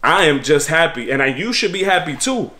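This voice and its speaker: Preachy streetwise man, slightly high voice. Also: very animated, brisk, pushed and bright. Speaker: vlogger giving life advice. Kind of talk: casual motivational monologue.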